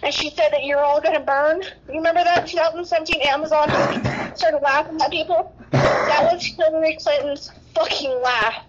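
Tearful high-voiced woman, rambling. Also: steady tone, normal speed, lo-fi sound, noisy background. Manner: rambling, breathless, many restarts. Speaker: guest nurse. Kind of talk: emotional interview talk.

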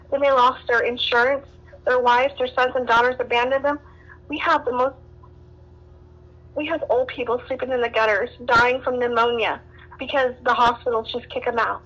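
A woman's voice: on the high side, a bit bright, dull audio. Upset woman calling in by phone. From Southern California. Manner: upset, rambling with many fillers. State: distressed. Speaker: caller. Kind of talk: call-in radio talk.

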